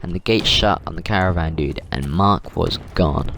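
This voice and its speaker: A man's voice: deep voice, normal speed, vocal fry, a bit bright. A man host telling a story in a casual, rambling way while gaming, repeating words and saying dude a lot, on a noisy mic with clicks.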